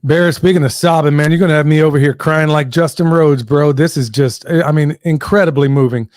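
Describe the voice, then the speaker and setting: Joking, brotherly podcast host. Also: male voice, fairly high pitch, steady tone, brisk, no echo, clean studio sound. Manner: warm, joking, brotherly banter. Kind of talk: casual interview chat.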